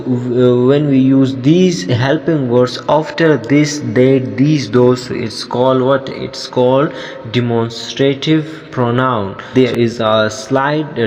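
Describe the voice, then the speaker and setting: A man teaching a grammar lesson as an English teacher, talking in a halting way with many fillers and restarts. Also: medium pitch, darkish tone, long reverb tail, muffled recording.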